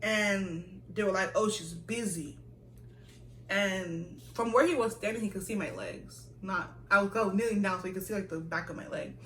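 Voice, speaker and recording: A young woman from the US chats through a vlog Q&A, animated and laughing as she acts out voices. Her tone is bright and sharp. The echoey room and the distance from the mic come through, with faint noise behind. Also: mid-range voice, normal speed, few pauses. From United States. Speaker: vlogger. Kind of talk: casual storytelling Q&A.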